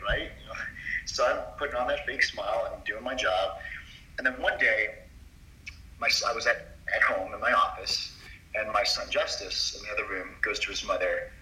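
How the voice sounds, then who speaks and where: A man's voice: medium pitch, fairly quick, bright, forceful tone. A middle-aged man, a doctor, telling his story to an interviewer in an earnest, emphatic, confiding way. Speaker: doctor as podcast guest. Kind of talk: confessional storytelling in a conversation. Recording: roomy sound from a distance off mic.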